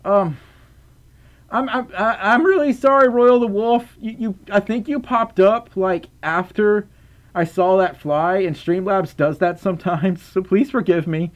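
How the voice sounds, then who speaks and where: A man's voice: high voice, unhurried, muffled recording. A young man chatting casually on a livestream, reading out chat and donations with playful stammers and restarts.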